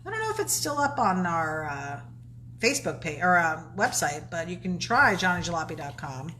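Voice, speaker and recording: A woman's voice: lowish voice, very animated, moderate pace, bright, forceful tone, slight background noise. A woman co-hosting a live stream, chatting casually and reading viewer comments aloud. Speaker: co-host reading live chat.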